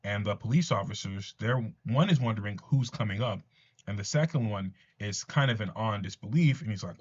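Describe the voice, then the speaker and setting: A man's voice: on the low side, moderate pace, slightly rough, muffled recording. A man casually retelling a comic book story, earnest, with his own asides. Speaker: comics commentator. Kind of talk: casual comic recap narration.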